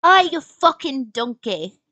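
A woman doing an impression of a furious male chef who yells insults in an exaggerated accent. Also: sits high, sing-song, slow pace, no room sound, muffled recording, voice pushed up, exaggerated voice. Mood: yelling. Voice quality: loud, shouty, exaggerated accent.

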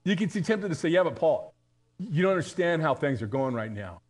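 A man preaching a live church sermon in a fairly high voice. He keeps it conversational and joking, then jumps up into loud emphatic bursts. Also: very animated, brisk. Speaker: pastor. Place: church sanctuary.

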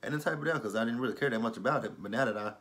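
Male TV recap vlogger, middle pitch, casual, sarcastic and foul-mouthed. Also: rapid-fire. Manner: blunt, profane and sarcastic; lively, slips into mock quotes. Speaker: TV episode reviewer.

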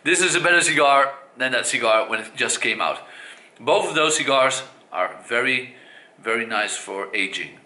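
Speaking at a normal pace with a medium pitch, a cigar reviewer from the Netherlands gives a casual spoken review in a Dutch accent, sounding animated, pushed and bright. He hesitates a lot, filling gaps and correcting himself, in an echoey room.

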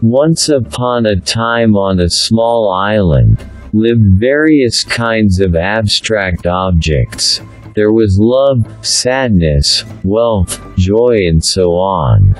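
A man narrating a fable in a slow, deliberate storybook reading. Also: fairly low pitch, lively intonation, low-quality recording. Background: faint instrumental music.

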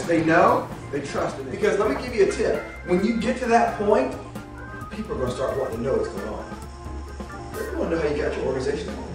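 A man's voice: high-pitched, recorded from a distance. Man, thirties, leadership seminar talk, playful, acts out scenes, very echoey hall, faint music behind. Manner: animated, acts out scenes, laughs often. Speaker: motivational speaker.

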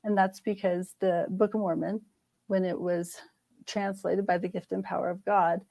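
A woman's voice: on the low side, flat delivery, moderate pace, vocal fry, a little mellow, low-quality recording. A middle-aged woman scholar, a guest in a conversational interview, speaking thoughtfully and earnestly. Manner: thoughtful, earnest, frequent restarts.

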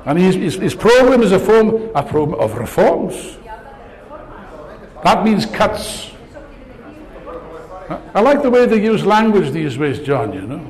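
A man's voice: sits high, sing-song, measured pace, long pauses, a little mellow. An older man giving a rousing political speech, sarcastic and full of rhetorical questions, before an audience in a large hall. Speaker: political speaker.

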